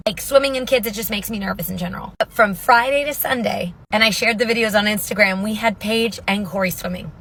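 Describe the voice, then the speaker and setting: A woman in her thirties telling a parenting story to camera in a chatty, animated way. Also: medium pitch, fairly quick, hardly any pauses, husky. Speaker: parenting content creator.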